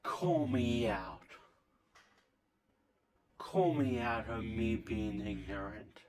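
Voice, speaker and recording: A woman's voice: extremely low pitch, extremely slow, a crowd in the background, exaggerated voice. A woman putting on the voice of an overly affectionate drunk person who repeats herself sentimentally. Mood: drunk gushing. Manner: slurring, sentimental, repetitive.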